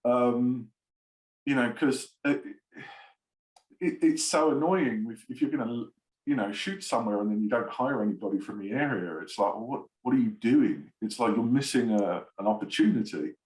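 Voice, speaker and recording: A man's voice: medium pitch, moderate pace, a little mellow. A man talking as an interview guest, circling his point with ums and laughing often. His voice carries a noticeable room echo. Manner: rambling, many fillers, laughs often. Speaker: screenwriter and producer guest. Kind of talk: casual interview chat.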